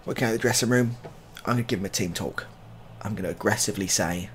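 A man's voice: on the low side, fast talker, few pauses, a little hiss or hum. A young man commentating live on a football management game he is playing, cheering on the team and grumbling at the referee. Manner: excitable, cheering on the players. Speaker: gaming YouTuber.

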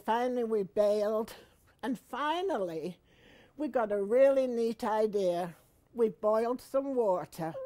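Slow-talking older woman telling a comic story. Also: sits high, no echo. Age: 70s. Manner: slow, chatty, rising to shouted retellings. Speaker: comedy show host.

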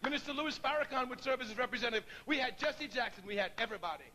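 Middle-aged male orator, very high and bright voice, storytelling delivery with laughter and quoted voices. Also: racing, a little hiss or hum, rough recording. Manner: storytelling, laughs often, acts out quoted dialogue. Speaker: speaker addressing an audience. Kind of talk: public speech.

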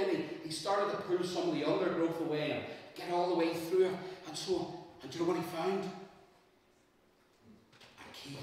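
A man telling a children's story at a family church service, asking the congregation lively questions. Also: fairly high pitch. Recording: echoey church from far off.

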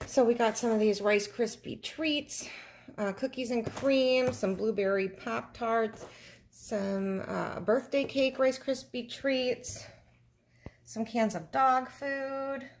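A middle-aged woman vlogging casually, excitable and gushing, often giggling, first from a car at night, then at a table indoors. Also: a little high, slow. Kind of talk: casual vlog chat.

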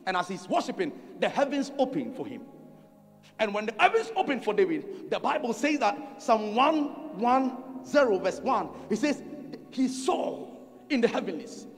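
A man's voice: very high voice, very animated, moderate pace. A man with a Ghanaian accent preaching a sermon at a conference, driving points home by repeating them and calling for the congregation to respond. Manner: emphatic repetition and call-and-response with the congregation. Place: large conference hall. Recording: reverberant hall, faint music behind.

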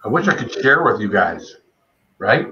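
This lowish male voice swings widely in pitch and sounds pushed and bright, at normal speed, as he tastes spicy food on a casual stream and chattily greets viewers by name. The dull lo-fi audio carries slight background noise.

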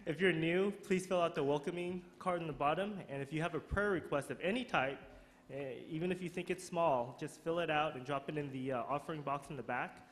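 A man leading a prayer and reading church announcements, earnest and slightly halting. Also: on the high side, slight background noise. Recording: reverberant church hall with soft music.

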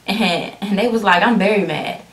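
A woman reacts to a music video for her viewers in a chatty, excitable way, speaking straight to them and often stumbling into restarts. Her voice sits at an ordinary middle pitch, and the room around her sounds echoey. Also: moderate pace. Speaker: reaction vlogger. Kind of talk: casual chatty video commentary.

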